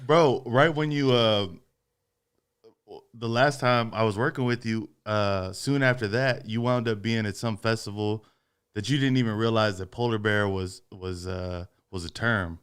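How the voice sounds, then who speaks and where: A man's voice: on the low side, unhurried, smooth. Casual man chatting as podcast host. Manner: casual, reactive, says bro a lot. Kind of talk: casual chat.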